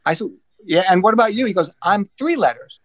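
A man's voice: high voice, a little fast, no echo. A man telling casual golf anecdotes, acting out the voices of the people in them, with frequent restarts. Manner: animated anecdotes, acts out voices, many restarts. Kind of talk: casual storytelling.

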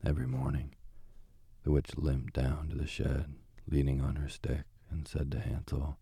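A man reading a fairy tale aloud in a hushed, dramatic storytelling manner. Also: very deep voice, monotone, normal speed, vocal fry, slightly rough, no room sound.

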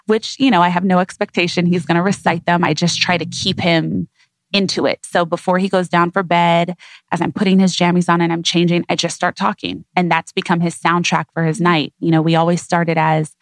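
A woman's voice: lowish voice, flat delivery, brisk, dry recording. A woman guest on an interview show, speaking earnestly and reflectively in repeated emphatic phrases.

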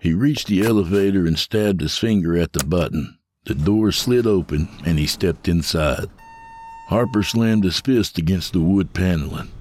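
A man narrating a dark horror story in a measured, scripted way. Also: deep voice, slight background noise.

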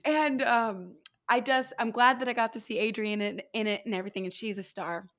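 Casting: effusive woman podcast host, slightly high voice, casual and giggly. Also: brisk, fairly bright tone. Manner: bubbly, effusive, laughs often. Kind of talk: casual chat.

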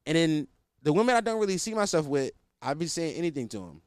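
Young man, candid storyteller, profane slang, lively pitch, dry recording. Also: fast talker, smooth, no room sound. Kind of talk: casual storytelling.

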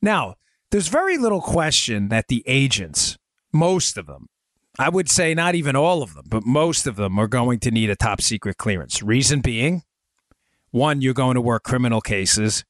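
A man's voice: medium pitch, very animated, moderate pace, dry recording, clean studio sound. A man in his forties hosting a political commentary podcast, talking emphatically to his listeners with sarcastic asides and stories. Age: 40s. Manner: storytelling, addresses listeners as folks. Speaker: podcast host.

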